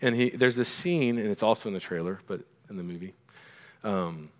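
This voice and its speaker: A middle-aged male pastor preaching a sermon in a relaxed, conversational way, often checking in with the congregation with quick asides. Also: lowish voice. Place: church sanctuary. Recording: long reverb of a church hall.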